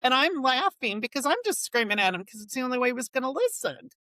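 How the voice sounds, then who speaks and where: A woman's voice: sits high, sing-song, fast, pushed and bright, dry recording. A woman in her forties, a finance executive guest, telling workplace stories in a frank, emphatic way and acting out quotes. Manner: frank, emphatic storyteller who acts out quotes. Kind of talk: casual conversational interview.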